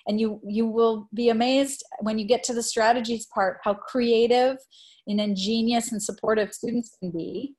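A woman presenting on education in a webinar, answering questions earnestly and reflectively, warming into animated storytelling. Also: fairly high pitch, normal speed. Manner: earnest, reflective, often hedging with "I think"; grows animated when retelling classroom stories. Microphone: video call.

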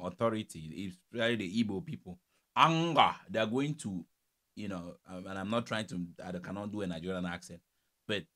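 A man's voice: fairly low pitch, a bit bright. A man from Cameroon, giving casual, teasing reaction commentary and laughing often. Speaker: reaction video host.

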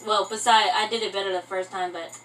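A woman's voice: mid-range voice, fairly even intonation, brisk, fairly bright tone, far from the mic, poor audio. A young woman vlogging in casual chat, rambling and self-mocking, who keeps breaking into bits of song. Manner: breaks into singing snatches. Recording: voice from away from the mic.

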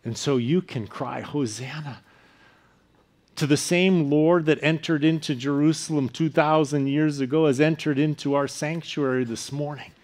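A man, a pastor, preaching a sermon in an earnest way, his voice often falling soft at the ends of phrases. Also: on the high side, moderate pace. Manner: earnest preaching with softer dropping phrase endings.

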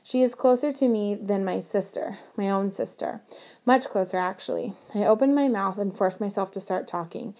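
A woman narrating a novel in the first person, with an earnest, steady delivery. Her voice sits at a middling pitch for a woman. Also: moderate pace, low-quality recording. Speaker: audiobook narrator.

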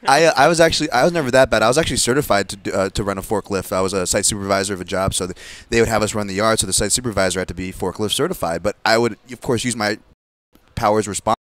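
A man co-hosting a radio show, trading a joking story in quick casual banter. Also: lowish voice, a bit bright, dry recording.

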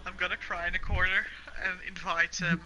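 A man's voice: high-pitched, level tone, a little fast, crowd noise, poor audio. A man playing an online shooter with friends, exasperated and laughing about being killed over and over. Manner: exasperated, giggly, exclaiming. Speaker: gaming co-streamer. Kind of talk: casual gameplay chatter.

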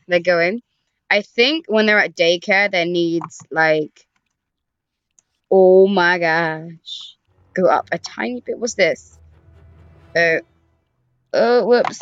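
A woman's voice: medium pitch, no room sound. Brief: young woman, casual game commentary, talks to characters, dull dry home mic. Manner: chatty, talks to the game characters, frequent sighs and groans. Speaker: gaming YouTuber. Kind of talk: casual let's-play commentary. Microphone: desk microphone.

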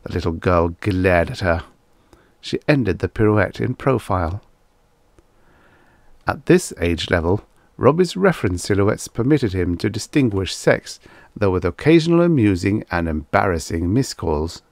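Man, audiobook narrator, low voice, lively intonation, measured storytelling, dry close recording. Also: dry recording. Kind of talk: reading vintage science fiction aloud.

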